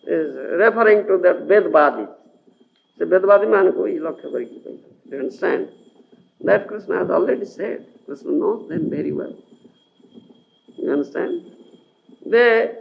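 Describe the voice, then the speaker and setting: This old tape captures an Indian spiritual teacher giving a scripture lecture, repeatedly checking his listeners understand. His voice sits high and sounds gravelly, and the highs are cut off.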